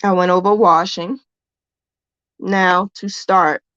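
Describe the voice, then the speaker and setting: A woman's voice: lowish voice, fairly even intonation, slow pace, a bit bright, clear, resonant tone, dry recording, muffled recording. Chatty, blunt woman teaching crochet. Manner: chatty and emphatic, blunt and self-assured; colloquial, repeats herself for emphasis. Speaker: crochet teacher and livestream host. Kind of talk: casual livestream lesson.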